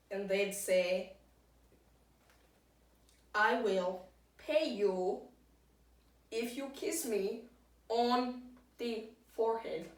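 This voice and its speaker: A woman playing an absurd, boastful talk-show guest, rambling deadpan in an improvised comedy sketch. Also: on the high side, extremely slow, pauses often. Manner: rambling, deadpan, breaks into giggles. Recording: echoey room, far from the mic.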